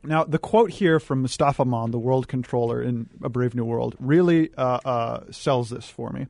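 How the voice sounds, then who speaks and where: A man's voice: medium pitch, moderate pace, gravelly, darkish tone, dry recording. A man speaking as a studio guest on a radio talk show, arguing his thesis point by point. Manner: articulate, argues a thesis point by point. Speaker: studio guest, analytics director.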